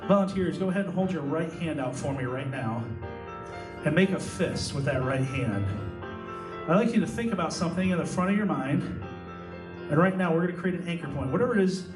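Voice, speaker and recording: A man from Iowa working as a stage hypnotist, giving calm, repetitive suggestions to volunteers in a live show. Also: a little high. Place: large indoor hall, school party. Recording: echoey hall from far off with music.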